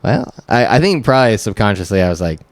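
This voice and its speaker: A man's voice: lowish voice, very animated, fast talker. A man co-hosting a podcast in casual chat, playful and wry, often laughing. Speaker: podcast co-host.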